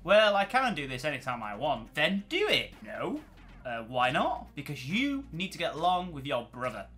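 A man's voice: a little high, huge pitch swings, moderate pace, bright, forceful tone, soft background music, full character voice. A man voicing a teenage girl who can undo a body swap, firm and matter-of-fact, in a read-aloud cartoon story. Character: teen girl who can reverse spells, bossy but caring.

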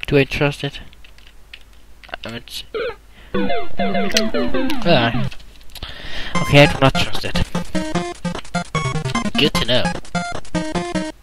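A young man gives let's play commentary, frustrated and cursing as he yells at the game. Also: mid-range voice, drawn-out words, long pauses. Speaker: gamer. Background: loud game music.

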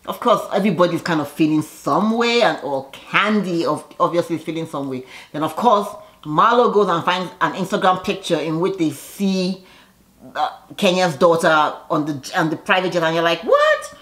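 A woman's voice: lowish voice, normal speed, fairly bright tone. A woman casually recapping a reality show episode in a chatty, gossipy way, laughing often and tossing in sassy asides.

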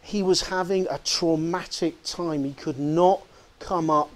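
A man lecturing to a live audience in a lively, digressive way, reading quotes aloud. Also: a little high, unhurried.

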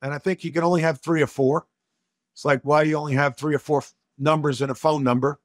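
A middle-aged male coach and corporate speaker, appearing as a podcast guest, tells stories in a conversational interview with emphasis, repeating words as he begins each thought. His voice is fairly high with fairly even intonation, and he talks fast. The recording is dry, with clean studio sound.

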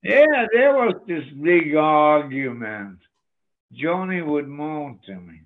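An older male guest musician tells rambling, swear-heavy stories in a casual interview chat, heard over tinny, phone-like remote audio. His voice is a little high, swings widely in pitch, and moves slowly.

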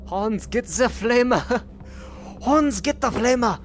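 Guy doing a loud russian vodka soldier, slow broken english, pitch jumping everywhere, faint music behind. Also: lively intonation, slight background noise, full character voice. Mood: boastful. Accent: put-on Russian. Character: boisterous vodka-obsessed Russian male soldier.

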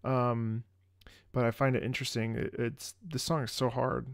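A man who sings tenor, explaining vocal technique while reacting to a concert and stopping to sing phrases high to show his point. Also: little pitch movement, moderate pace. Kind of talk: vocal breakdown commentary.

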